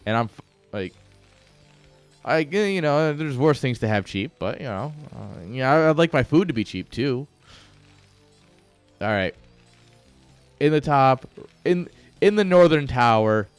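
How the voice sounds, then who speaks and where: A man's voice: medium pitch, expressive, takes it slowly, pauses often, smooth, no echo, faint music behind. Rambling, joking male game caster. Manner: rambling, joking, swears freely. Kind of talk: casual live-stream commentary.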